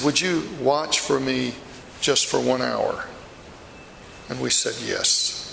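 A man's voice: medium pitch, vocal fry, bright, forceful tone, a little hiss or hum, exaggerated voice. A man performing a first-person dramatic monologue as a remorseful apostle, a middle-aged fisherman telling his story with intense feeling. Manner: intense storytelling, swells to anguished outbursts. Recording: echoey hall, long reverb.

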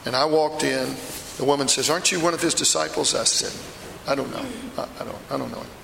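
Guy acting as a grieving old-time disciple telling it first person, gravelly forceful voice, big echoey hall. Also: on the high side, steady tone, a little fast, slight background noise, exaggerated voice. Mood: earnest. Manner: intense storytelling, swells to anguished outbursts. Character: remorseful apostle, a middle-aged fisherman telling his story. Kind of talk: first-person dramatic monologue. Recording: echoey hall, long reverb.

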